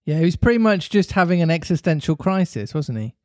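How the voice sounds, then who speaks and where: A man's voice: fairly high pitch, very animated, fast talker. A man co-hosting a casual book club podcast, making wry laughing asides. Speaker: podcast co-host.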